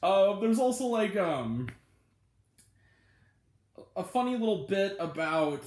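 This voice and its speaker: A man with a notably high voice gives a casual movie review for his own channel. He rambles happily, leaning on filler words and chuckling through the bits he retells. The recording carries a roomy echo. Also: big pitch swings, slow, darkish tone, a little hiss or hum.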